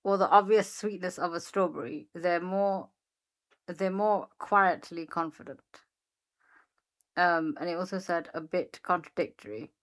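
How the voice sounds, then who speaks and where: A woman with a fairly low voice co-hosts a relaxed chat show. She laughs easily and stops now and then to read text aloud, her delivery loose and unhurried. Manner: laughs often, reads chatbot answers aloud. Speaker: podcast co-host. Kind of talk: casual chat, reading aloud.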